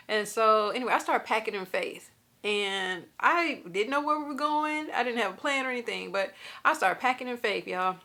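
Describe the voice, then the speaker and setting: A woman vlogging a personal faith testimony in a casual, lively way, talking straight to her viewers and laughing through her stories. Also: a little high, normal speed.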